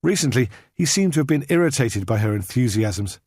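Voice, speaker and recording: A man narrating a crime novel for an audiobook in a measured, understated way, recorded on a studio microphone. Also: mid-range voice, animated, a little mellow, breathy edge, no echo. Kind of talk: scripted narration.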